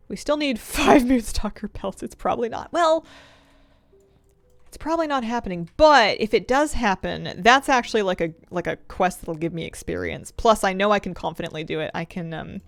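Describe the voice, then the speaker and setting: A woman's voice: medium pitch, creaky, no room sound. A woman chatting casually while streaming a game, rambling through asides and laughing often, close to a desk microphone at home. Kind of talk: casual chat while gaming.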